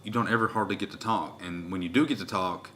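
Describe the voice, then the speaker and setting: A man in his twenties hosting a podcast, telling stories in a loud, rowdy, casual way. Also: low voice, quick pace, slight background noise. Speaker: podcast host. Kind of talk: casual chat.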